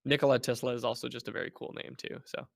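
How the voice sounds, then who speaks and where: A man chatting casually as a guest on a podcast, animated and playful, slipping into mock voices. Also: medium pitch, quick pace, vocal fry. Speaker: guest, game developer.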